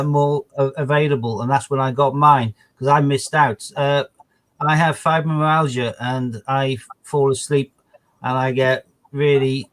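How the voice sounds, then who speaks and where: A man's voice: medium pitch, poor audio. A man co-hosting a casual live stream, chatty and rambling, with indignant asides.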